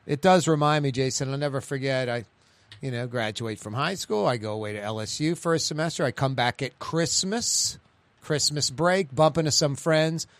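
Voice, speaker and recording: A man's voice: mid-range voice, normal speed, a bit bright, no echo. A man with a New Orleans accent hosting a radio talk show, rambling through stories and news. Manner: rambling, chatty, digressive. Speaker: radio host.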